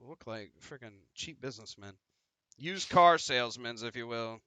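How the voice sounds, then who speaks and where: A man's voice: medium pitch, expressive, moderate pace, pushed and bright, clear, resonant tone. A man hosting a casual livestream chat, joking and swearing freely as he talks. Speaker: stream host.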